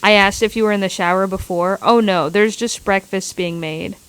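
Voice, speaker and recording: A woman's voice: mid-range voice, normal speed, clear, resonant tone. A woman hosting a casual livestream outdoors on a windy day, answering viewer chat in a loose, rambling and profane way, with many restarts, speaking close into a phone mic.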